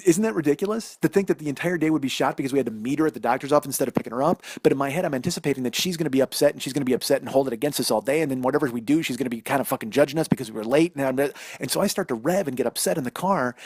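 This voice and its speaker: In a solo storytelling monologue, a podcast host in his forties wanders through a personal anecdote, swearing and poking fun at himself. His medium-pitched voice is slightly mellow with a breathy edge. Though captured on a phone, the audio is dry and studio quality.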